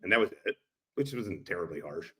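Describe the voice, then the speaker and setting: Low, expressive and sharp-toned, this man talks briskly while reacting to clips on his live stream. Laughing a lot, he spins profane, meandering tales into a laptop's built-in microphone, the easygoing storytelling of a streamer.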